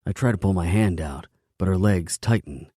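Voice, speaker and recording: A man narrating a romance audiobook in first person, measured and intimate. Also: deep voice, warm tone, slightly rough, dry recording, clean studio sound.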